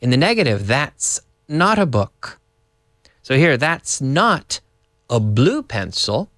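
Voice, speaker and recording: A man teaching English to Spanish speakers, repeating words slowly and switching between both languages. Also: mid-range voice, sing-song, a bit bright, no room sound, studio quality. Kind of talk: bilingual English lesson.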